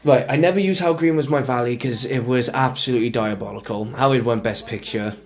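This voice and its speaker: A man's voice: mid-range voice, a little fast. Welsh man, podcast host, casual chat, outspoken and profane, ranting with gusto. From Wales. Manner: blunt, swears freely, animated rants.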